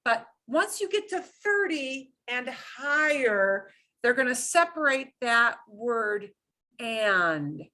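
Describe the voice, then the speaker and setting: A woman's voice: on the high side, sing-song, slow pace, sharp tone. A woman teaching a beginner Spanish class, explaining patiently and often checking in with "okay?".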